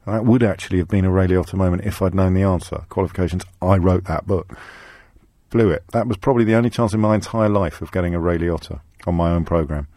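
Wry radio host with a Midlands twang. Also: male voice, low-pitched, fast talker, mellow, dry recording. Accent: slight Kidderminster twang. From Kidderminster, English Midlands. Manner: wry, teasing, stammers on restarts. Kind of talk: casual phone-in chat. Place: radio studio.

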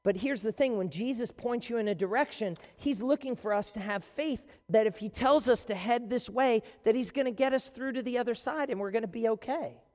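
A pastor preaching a sermon with animated, emphatic storytelling. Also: mid-range voice, fairly quick, hardly any pauses. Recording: long hall reverb.

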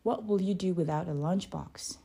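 A woman reading aloud, voicing a gentle older shopkeeper who was once a teacher. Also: lowish voice, moderate pace, creaky, breathy edge.

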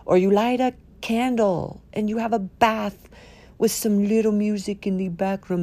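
A woman hosting a solo podcast in a playful, quirky way, swinging from loud cheer to a near-whisper. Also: lowish voice, unhurried. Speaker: podcast host. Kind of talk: upbeat solo podcast talk.

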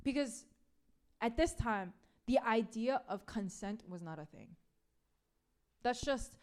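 In a slow, animated delivery, a woman with a higher-pitched voice preaches conversationally. She keeps saying "like" and "right?" in a chatty way and repeats the central phrases to stress them.

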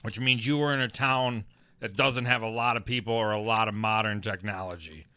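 A man's voice: lowish voice, fairly even intonation, a little fast, pushed and bright, clean tone. A man co-hosting a podcast, chatting casually with dry teasing remarks and swearing. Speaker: podcast co-host. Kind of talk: casual profane chat.

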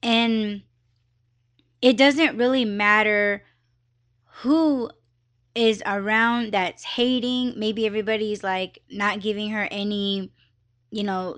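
A young woman hosting her own podcast from her office, telling a story in a chatty, animated way and slipping into quoted voices. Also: medium pitch. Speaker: podcast host. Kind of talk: casual storytelling monologue.

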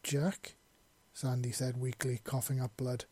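A man reading a war story aloud, narrating and voicing the dialogue, shouting in the grief scenes. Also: medium pitch, little pitch movement, normal speed.

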